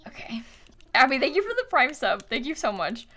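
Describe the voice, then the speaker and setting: Bright-voiced young woman streaming casually. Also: high-pitched, sing-song, fairly quick. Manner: chatty, thanks viewers, frequent laughs and fillers. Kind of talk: casual live-stream chat.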